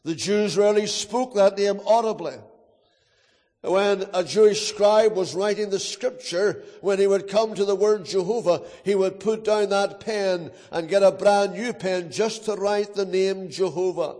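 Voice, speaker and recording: A man preaches a sermon in a church, his voice high and his delivery slow and deliberate. He repeats key words for emphasis and calls the congregation to recite with him. The sound carries the long echo of a large hall. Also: a little mellow. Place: church sanctuary.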